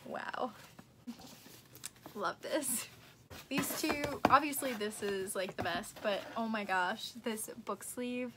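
A woman's voice: fairly high pitch, slow, background noise. A young woman chatting casually as she unboxes book merchandise, gushing and easily awed.

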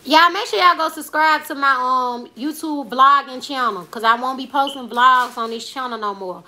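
A woman's voice: high voice, normal speed, sharp tone. A woman in her twenties, a comedian chatting casually on a live stream, rambling in slangy talk and reading viewer comments aloud. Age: 20s. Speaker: comedian and YouTuber.

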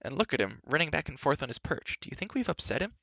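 A man's voice: a little high, very animated, fast talker, gravelly, sharp tone, no room sound, pitched above the performer's own voice, heavily acted. A man voicing an eager, impatient young male hero who speaks urgently, on a dull lo-fi recording.

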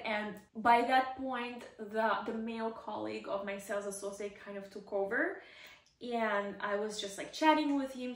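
Chatty woman vlogger, slightly high, roomy. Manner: chatty, excitable, many "like" fillers. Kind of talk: casual storytelling to camera. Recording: roomy echo.

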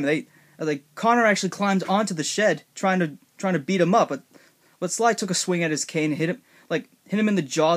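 Young man rambling through a made-up story. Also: fairly high pitch. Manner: rambling, many fillers and restarts. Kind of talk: casual made-up story narration.

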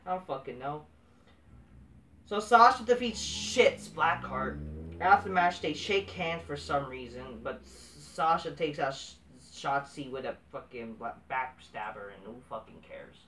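A man's voice: on the high side, bright, forceful tone, far from the mic. Crude, dismissive man in an echoey room. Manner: crude, dismissive, swears constantly. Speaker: wrestling show reviewer. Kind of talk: profane casual recap.

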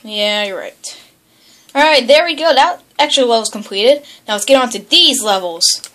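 A woman giving excited video game commentary, yelping, groaning and bickering as she plays. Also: a little high, moderate pace. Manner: excitable, yelps and groans, bickers with toy characters. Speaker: gaming channel host.

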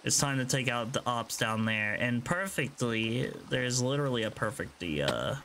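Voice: mid-range voice, expressive, normal speed, background noise. A gaming video creator giving casual gameplay commentary, jittery and repeating phrases over and over when flustered, with nervous laughs.

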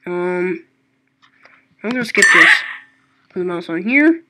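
A woman gaming YouTuber giving casual gameplay commentary, excitable, swinging from low mumbling to loud outbursts. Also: a little slow. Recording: loud background noise.

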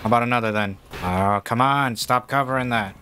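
A man playing a horror game and talking through it casually, with slow, drawn-out remarks that jump to startled shouts and curses. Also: mid-range voice, noisy background. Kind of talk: casual let's-play commentary.

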